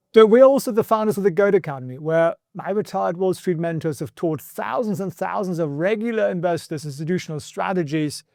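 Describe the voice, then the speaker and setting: A man hosting a financial explainer video, talking straight to the viewer in a brisk, persuasive way with casual asides. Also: high-pitched, darkish tone, no room sound, studio quality. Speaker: finance educator and channel host. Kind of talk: direct-to-camera financial explainer.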